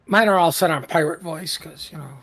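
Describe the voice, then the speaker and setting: Casual male co-caster with a slightly higher voice, halting and chatty. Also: a crowd in the background. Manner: loose, hesitant, full of fillers. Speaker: co-commentator. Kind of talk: casual live game commentary.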